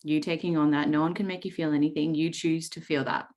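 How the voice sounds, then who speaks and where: A woman's voice: low voice, steady tone, fast talker, darkish tone. An Australian woman in her thirties coaching traders on a video call, blunt and swearing freely, often checking in with "right?". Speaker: trading coach. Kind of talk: live coaching session talk.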